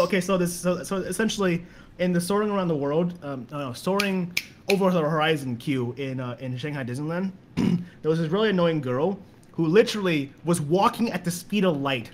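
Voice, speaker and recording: Rambling young man with faint hiss. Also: fairly high pitch. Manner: rambling, repeats words, laughs through stories. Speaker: guest. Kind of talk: casual podcast chat.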